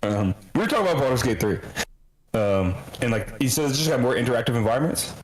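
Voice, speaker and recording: Podcast cohost dude, cusses a lot, super animated, does little voices in his stories. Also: medium pitch, fast talker, a little hiss or hum, poor audio. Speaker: podcast co-host. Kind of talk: casual podcast chat.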